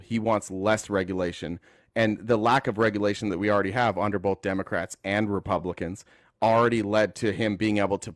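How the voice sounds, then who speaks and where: A man's voice: lowish voice, dry recording, studio quality. A man hosting a call-in debate show, combative and sarcastic, pushing back on callers. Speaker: talk show host taking callers.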